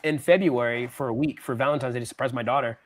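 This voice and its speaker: A man's voice: medium pitch, fast. A man guest on a podcast, telling a story in casual, slangy talk and acting out what people said. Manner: animated, slangy storyteller who acts out quotes.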